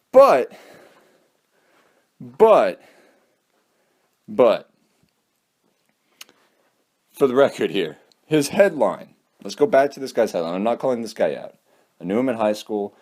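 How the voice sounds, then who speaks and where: Young man, vlogger, heated, sarcastic, high-pitched, animated. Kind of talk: casual commentary.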